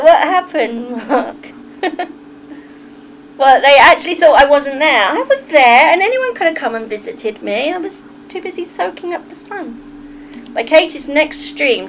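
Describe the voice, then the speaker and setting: Brief: a woman streamer with a slightly high voice, unhurried and chatty, giggling as she answers her chat. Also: slight background noise. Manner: chatty, giggly, often laughs. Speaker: live streamer. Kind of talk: casual live-stream chat, reading chat aloud.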